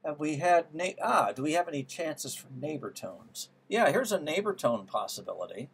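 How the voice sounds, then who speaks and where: A man's voice: fairly high pitch, very animated, moderate pace, slight background noise. A man teaching music theory, trying out ideas aloud and musing as he works through them. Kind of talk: thinking-aloud music lesson. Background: piano playing.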